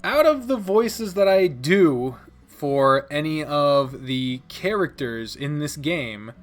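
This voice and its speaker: A man's voice: fairly high pitch, animated, takes it slowly, faint music behind. A man hosting a let's play, chatting casually, often laughing, swearing and restarting his sentences. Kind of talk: casual chat.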